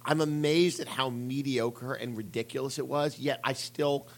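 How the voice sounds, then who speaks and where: A man's voice: medium pitch, steady tone, moderate pace. A man in casual banter with friends, rambling and laughing as he retells film scenes. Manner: rambling, laughing, quotes lines from films.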